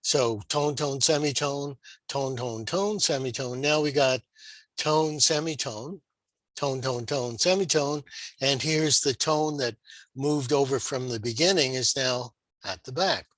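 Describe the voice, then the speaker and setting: Bright-voiced man explaining guitar modes. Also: mid-range voice, a little slow, no echo, low-quality recording. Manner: patient, explanatory, with fillers and rhetorical questions. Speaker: guitar teacher. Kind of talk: screen-shared music lesson.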